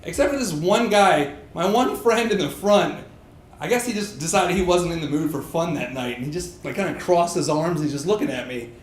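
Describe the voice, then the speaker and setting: A man telling a true personal story on stage, animated and self-mocking, laughing through his lines. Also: a little high, a little fast. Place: stage in a pub. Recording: echoey live room, faint crowd noise.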